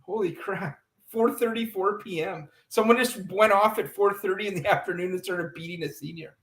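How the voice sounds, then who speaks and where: Higher voiced guy reading local news on stream, kinda amused, echoey room. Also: moderate pace, fairly bright tone. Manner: reads police blotter with amused asides. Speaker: livestream co-host. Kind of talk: casual livestream chat reading local news.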